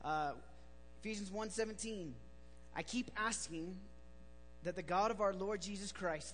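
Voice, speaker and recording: A man with a high voice preaching in a large, reverberant hall with a faint hum behind him. He tells a story in a chatty, joking sermon style, loose and full of fillers. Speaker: pastor.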